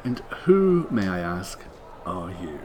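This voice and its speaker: A haughty rich father, improvised comedy, as a man puts him on. He drawls slowly with big leaps in pitch, lofty and snobbish. A faint hiss sits behind the voice. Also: big pitch swings, darkish tone, heavily acted. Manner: pompous, breaks into laughter. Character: pompous rich old father, snobbish tycoon.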